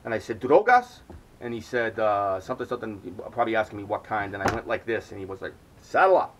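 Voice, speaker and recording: A man's voice: on the low side, level tone, fast talker, background noise. A middle-aged man hosting his own podcast, telling a long, rambling story full of swearing. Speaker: podcast host. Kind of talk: storytelling monologue.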